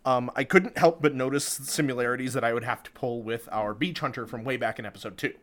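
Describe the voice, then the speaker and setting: Fast-talking and a bit bright, with a medium-pitched voice, a male podcast co-host chats casually about a film and a tabletop monster. His speech wanders, packed with fillers and restarts, and he laughs frequently.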